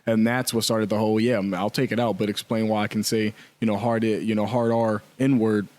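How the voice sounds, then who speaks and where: Fast-talking low-voiced man on a podcast. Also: flat delivery, a little mellow, no echo. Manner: quick, explains context, jumps in. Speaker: podcast co-host. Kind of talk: casual chat.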